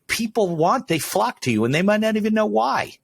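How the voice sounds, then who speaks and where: A man's voice: high-pitched, very animated, brisk, vocal fry, slightly rough, no room sound. A man hosting a podcast, chatting casually, often affirming and musing aloud. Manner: frequent short affirmations, reflective musing. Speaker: podcast host. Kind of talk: casual interview chat.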